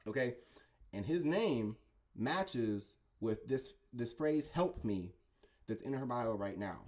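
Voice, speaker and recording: A man's voice: medium pitch, animated, slow, darkish tone. A man talking in a casual, rambling monologue, insistent and often stumbling over his words. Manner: insistent, keeps asking "right?" and "okay?". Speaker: conspiracy commentator.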